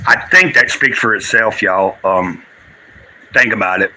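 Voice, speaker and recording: Earnest, bright-voiced man streaming live. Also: on the low side, a little slow, slight background noise, rough recording. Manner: rambling, earnest, preachy in spells, addresses chat. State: teary. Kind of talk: casual livestream chat with spiritual musings.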